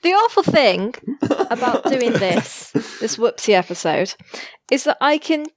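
A woman playing a tabletop role-playing game, with a dry, deadpan delivery. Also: fairly high pitch, unhurried, no room sound. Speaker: player. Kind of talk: tabletop role-play chat.

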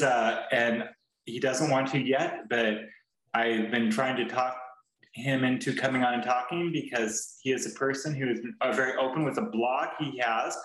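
A man's voice: medium pitch, a bit bright. A man co-hosting a podcast, talking casually in a rambling way with lots of restarts and free swearing. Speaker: podcast co-host. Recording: roomy echo.

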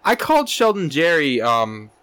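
A man's voice: on the high side, sing-song, normal speed, fairly bright tone. A man hosting a comedy podcast, chatting crudely and rambling while steering the talk between his co-hosts. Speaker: podcast host. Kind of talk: casual comedic chat.

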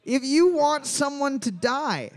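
A young man with a high, bouncy voice hosts a bar trivia night, calling out questions and scores between crude jokes. He talks slowly, but his pitch leaps around as he banters, jokes animatedly and swears casually.

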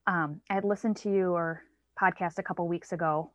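A woman's voice: lowish voice, steady tone, moderate pace, no echo. Thirties woman chatting away, acts out what people said, dry kinda dull recording. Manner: chatty, acts out quoted lines in a lifted voice. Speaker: parent guest. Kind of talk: casual conversational storytelling. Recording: dry, slightly dull sound.

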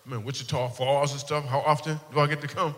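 A man's voice: fairly high pitch, flat delivery, fast, fairly bright tone. A male stand-up comedian doing crowd work on stage, teasing audience members in a playful way and laughing at his own jokes. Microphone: handheld stage mic. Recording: long hall reverb, faint room noise.

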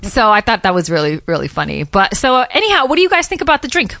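A woman in casual chat as a podcast co-host, telling stories and acting out quotes with animated voices. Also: medium pitch, fast talker, gravelly, no echo. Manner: chatty storyteller, lively quoted voices.

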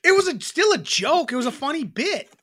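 A man's voice: very high voice, big pitch swings, fairly quick, bright, forceful tone, no room sound, studio quality. A man co-hosting a casual podcast, rambling and swearing casually as he chats. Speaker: podcast co-host. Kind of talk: casual chat.

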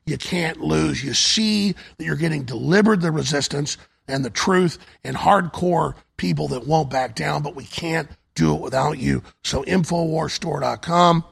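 Hoarse male talk show host, gravelly and raspy, pushy on-air sales pitch. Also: a little slow. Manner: urgent, repetitive sales pitch. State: hoarse, voice nearly gone. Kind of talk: on-air fundraising and product pitch.

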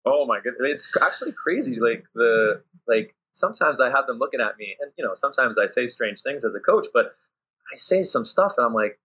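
A man, a volleyball coach, chatting casually in a podcast interview and acting out lively classroom scenes. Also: mid-range voice, fairly quick, husky. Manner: animated storyteller acting out his players and himself. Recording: dull lo-fi audio.

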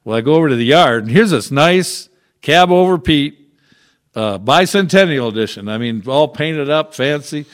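A man's voice: fairly high pitch, lively intonation, normal speed. A middle-aged man, a trucker chaplain, telling stories in a casual interview with a folksy manner and frequent chuckles. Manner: folksy, chuckles often through his stories.

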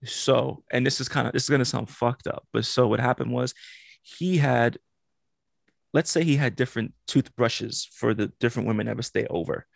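A man's voice: mid-range voice, steady tone, normal speed, vocal fry, no echo, clean studio sound. A man co-hosting a podcast, telling a story in casual chat, acting out the quotes and laughing often. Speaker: podcast co-host.

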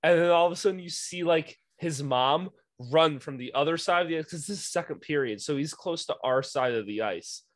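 A young man tells a story from coaching youth hockey, swearing freely and getting animated as he goes. His voice sits a bit high for a man. The sound is dry and close to the mic. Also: brisk, few pauses, no echo. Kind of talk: casual podcast storytelling.

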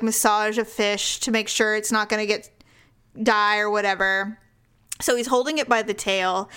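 A woman's voice: fairly high pitch, fairly bright tone, clear, resonant tone. A woman co-hosting a casual chat, telling long rambling stories with many fillers and restarts.

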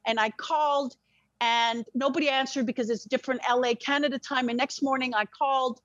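A woman's voice: high voice, fairly even intonation, brisk, a bit bright, no echo, lo-fi sound. A woman telling an emotional personal story as a podcast guest. She speaks intensely and frankly, swears freely, and often restarts her words.

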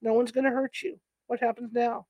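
Woman reading as a calm doctor hypnotist. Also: fairly high pitch, no echo. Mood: soothing. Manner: calm, soothing, slow questions.

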